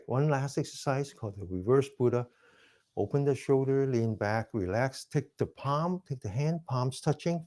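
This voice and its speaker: Male instructor, mellow voice, calm step-by-step cues, whispers breathing lines. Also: fairly low pitch. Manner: drops to a soft whisper for breathing phrases. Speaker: mindfulness exercise instructor. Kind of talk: guided movement and breathing class.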